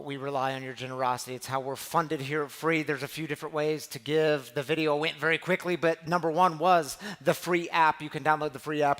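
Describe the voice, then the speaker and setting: A man's voice: mid-range voice, a bit bright. A man leading a faith-based recovery meeting, speaking in a casual, encouraging, conversational way. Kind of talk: casual spoken ministry talk.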